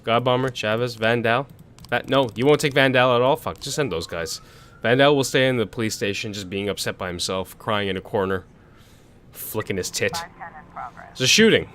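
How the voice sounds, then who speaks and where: A man's voice: medium pitch, moderate pace, a bit bright, a little hiss or hum. A young man doing let's-play commentary on a desk condenser mic, reading case text aloud with stumbles and swearing. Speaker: gaming youtuber. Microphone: desk condenser microphone.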